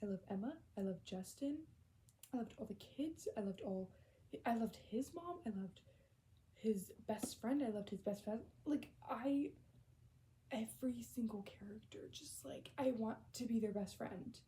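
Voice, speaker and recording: A young woman vlogging about books she has read, gushing and excitable, repeating herself and often dropping into whispers. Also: a little high, moderate pace, a little hiss or hum, low-quality recording. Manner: lots of repetition and swearing. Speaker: book vlogger. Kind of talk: casual reading vlog.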